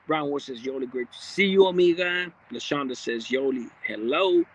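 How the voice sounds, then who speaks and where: A male livestream host with a medium-pitched voice speaks at a moderate pace, captured with lo-fi sound. Blunt and streetwise, he reads viewer comments aloud casually and uses plenty of profanity.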